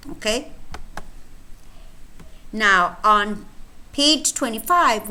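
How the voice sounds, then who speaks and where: A woman teacher giving a recorded lecture, explaining carefully and deliberately and checking in with "okay?". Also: medium pitch, pushed and bright.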